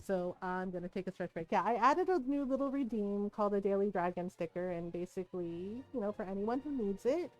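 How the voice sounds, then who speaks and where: A middle-aged woman streaming a game, telling stories in a lively, laughing way, swearing freely, and turning gentle and encouraging when she talks to her viewers. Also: mid-range voice, fairly quick, hardly any pauses, low-quality recording. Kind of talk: casual chat while streaming a game.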